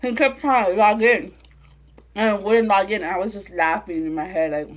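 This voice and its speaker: This young woman, a mukbang vlogger from Southern California, recounts a story to camera with plenty of profanity, doing animated impressions of the people she quotes. She speaks at a normal pace in a mid-range voice.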